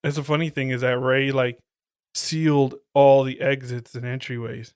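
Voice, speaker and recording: A man's voice: mid-range voice, flat delivery, moderate pace, smooth, dry recording, clean studio sound. A man hosting a podcast, reviewing horror movies in casual, profane, slang-filled chat. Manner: profane, slangy, laid-back. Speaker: podcast host.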